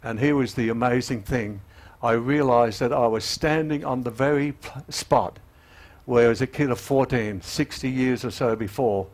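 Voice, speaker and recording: A man in his eighties preaching a sermon, halting with fillers and restarts, often emotional, and growing louder and higher as he urges repentance. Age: 80s. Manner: rises in pitch and volume when urging repentance.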